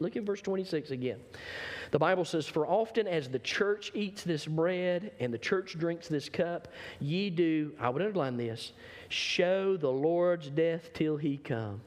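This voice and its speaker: Preacher guy, kinda high voice, gets loud then drops way down, big church echo. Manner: impassioned preaching, building to shouts and dropping low. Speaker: pastor. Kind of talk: sermon. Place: church sanctuary.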